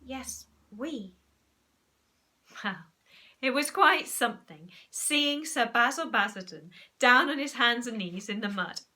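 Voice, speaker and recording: A woman teacher, reading a storybook aloud in an animated, expressive way. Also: on the high side, a little slow.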